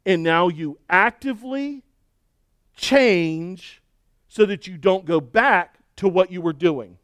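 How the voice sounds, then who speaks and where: A man's voice: high voice, slow pace, a bit bright, no echo. A man preaching a sermon as pastor, emphatic and folksy, leaning on rhetorical questions and repeated words.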